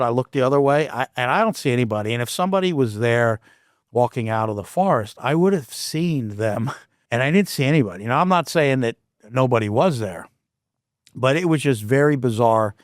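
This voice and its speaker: A man of middle pitch tells a personal story in a lively, casual way. He breaks off and restarts his sentences often and throws in asides. The recording is dry and close, with no room sound. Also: no room sound. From Canada. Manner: animated, with frequent restarts and asides. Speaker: podcast host.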